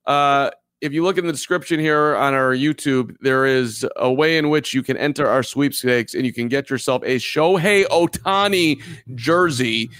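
A man's voice: medium pitch, fairly bright tone, smooth, no echo. A man co-hosting a live baseball podcast, telling stories in a rambling way and repeating himself. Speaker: podcast co-host. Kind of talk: casual live podcast chat.

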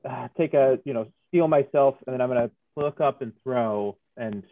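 A man playing a tabletop game over a call, joking and thinking out loud with restarts. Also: medium pitch, moderate pace, no echo. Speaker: player. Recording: dull, lo-fi mic.

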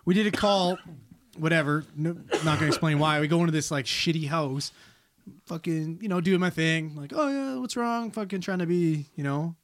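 A man telling stories in casual chat, animated and swearing constantly, talking about his work as an emergency responder. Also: on the high side, moderate pace. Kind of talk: casual profane chat and storytelling.

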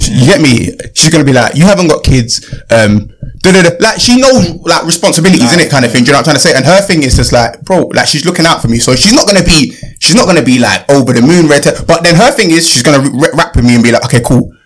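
A young man chatting casually in a group, animated and full of slang. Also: fairly high pitch, fast. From Sierra Leone family. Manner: animated, uses London slang.

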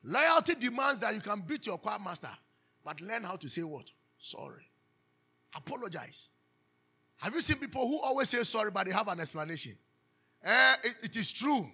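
A man preaching a sermon as pastor, animated, asking the congregation to finish his sentences. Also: high voice, fairly quick, slightly rough. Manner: animated preaching with call-and-response questions.

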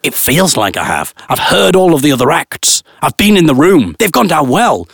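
Lively comedian telling a story. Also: male voice, fairly high pitch, moderate pace, gravelly, husky, dry recording, studio quality. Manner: animated, self-aware, acts out his own reactions. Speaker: podcast host and stand-up comedian. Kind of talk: casual storytelling monologue.

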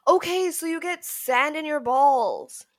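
A woman in casual chat, playful and quick to laugh, guessing at slang terms. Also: sits high, no echo, clean studio sound.

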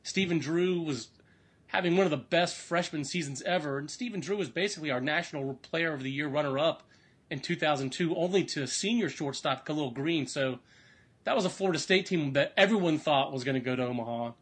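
A man with a voice pitched a little high talks through a casual podcast chat. He is sick at the moment and wanders, backtracking and filling pauses as he goes. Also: slightly rough. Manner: rambling, many restarts and fillers. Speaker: college baseball analyst.

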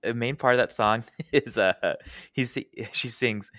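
A woman's voice: very deep voice, a little slow, fairly bright tone, dry recording, studio quality. A young adult woman co-hosting a casual podcast chat, giggly and playful, with lots of "like". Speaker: podcast co-host.

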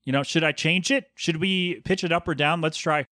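A man's voice: fairly high pitch, normal speed, bright, forceful tone, dry recording, studio quality. A man in his thirties hosting a solo podcast, rambling and sarcastic as he mocks a bad review in mock-professional tones. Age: 30s. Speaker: podcast host. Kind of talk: casual solo podcast rant. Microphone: podcast microphone.

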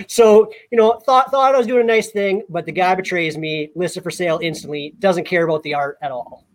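A man co-hosting a casual podcast, telling a story in an animated way with many repeated words. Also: high voice, normal speed. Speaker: podcast co-host.

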